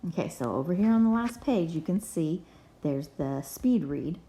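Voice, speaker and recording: A woman's voice: deep voice, lively intonation, normal speed, dark tone. A woman teacher giving a reading lesson to young children, patiently spelling words out letter by letter.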